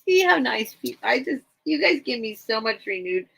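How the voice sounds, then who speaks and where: A woman's voice: on the high side, sing-song, moderate pace, creaky, sharp tone, poor audio. A woman hosting a live vintage sale stream, chatting casually with viewers and her cat and getting easily sidetracked. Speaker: live sale host selling vintage items.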